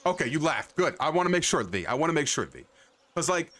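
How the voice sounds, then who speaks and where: A man's voice: on the high side, big pitch swings, fast talker, a bit bright. A young man hosting a game livestream, chatting loosely with viewers by name, rambling, repeating himself and swearing freely. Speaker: livestream host. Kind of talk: casual chat with live chat.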